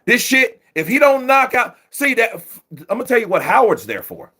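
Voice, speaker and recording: Hyped up guy yelling over a boxing fight, high bright husky voice, swears a lot. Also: moderate pace. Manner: excitable, profane, shouting at the ref. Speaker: boxing commentator. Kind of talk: live fight watch-along commentary.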